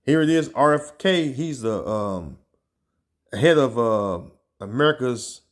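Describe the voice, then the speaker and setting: A man's voice: mid-range voice, expressive. Casual preacher man, loose and chatty. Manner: casual, peppered with "man" and "all right"; reads scripture and news aloud, pausing to search. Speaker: online preacher. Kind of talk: informal religious teaching.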